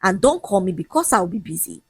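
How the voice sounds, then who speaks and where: A woman's voice: medium pitch, big pitch swings, brisk, gravelly, slightly rough, no echo, clean studio sound, heavily acted. A woman voicing a smug, dismissive young man who mocks his fiancée in a folk-tale storybook reading. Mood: mocking. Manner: mocking, lecturing, casually shameless.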